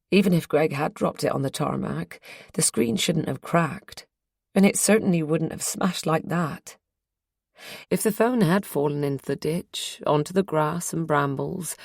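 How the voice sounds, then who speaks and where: A woman reading a first-person audiobook in a measured, intimate storytelling manner. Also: low-pitched, creaky, a little mellow, no room sound, clean studio sound. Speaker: audiobook narrator.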